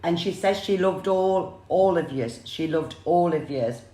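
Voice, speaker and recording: A woman's voice: lowish voice, measured pace, dark tone, echoey room. A woman working as a psychic medium, giving a chatty live-streamed reading and often repeating viewers' names.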